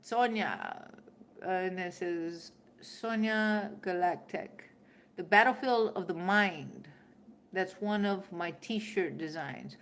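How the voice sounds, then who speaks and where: A middle-aged woman hosting a casual spiritual livestream, reading viewer comments and talking with fiery, profane intensity, swinging from loud outbursts to hushed asides. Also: fairly low pitch, slow pace.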